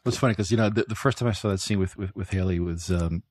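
A man's voice: deep voice, a little mellow, no room sound. A middle-aged man as a guest in a casual chat, talking enthusiastically and often restarting his phrases. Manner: fast, stammering restarts, enthusiastic.

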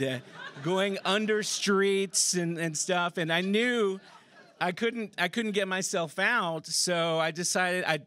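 A man recounts a personal story before a theater audience. His voice sits high, and his telling is casual and animated, salted with swearing and bursts of laughter. The sound is close and dry. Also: no room sound. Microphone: stage microphone.

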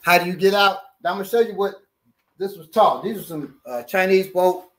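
A man teaching self-defense moves in a lively, joking manner, often repeating words as he demonstrates. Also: high voice, a little fast. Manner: animated, jokey, repeats words. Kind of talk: hands-on demonstration.

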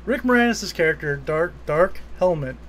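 A man with a slightly high voice co-hosts a casual movie podcast. He rambles through scenes with plenty of swearing and laughs as he retells them. Faint background noise sits under his voice. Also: lively intonation, moderate pace, fairly bright tone. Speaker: podcast co-host. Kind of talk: casual movie review chat.

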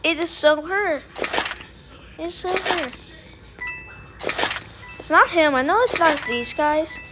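A woman's voice: extremely high pitch, slow pace, music in the background. A woman giving casual gaming commentary, giggling often and squealing when startled. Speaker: gamer.

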